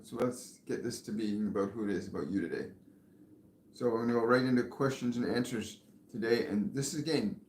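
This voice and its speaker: A man hosting a live spiritual question-and-answer stream, speaking gently with pauses and fillers and sometimes falling almost to a whisper. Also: medium pitch, echoey room, slight background noise. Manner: soft-spoken, gentle, pauses and fillers, drops to near whisper at times. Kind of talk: live-stream channeling and reading viewer questions.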